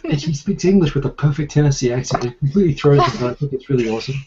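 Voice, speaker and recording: A man's voice: on the high side, huge pitch swings, normal speed, long pauses, very noisy. Man, New Zealand accent, livestream host, rambling casual chat, dull lo-fi sound. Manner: chatty, rambling with restarts.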